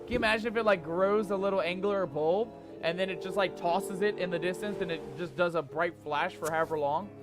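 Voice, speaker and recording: A man's voice: sits high, a little fast, hardly any pauses. Playful pirate-talking man streamer. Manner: playful pirate talk, reads chat. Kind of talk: live gameplay commentary. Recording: music playing under voice.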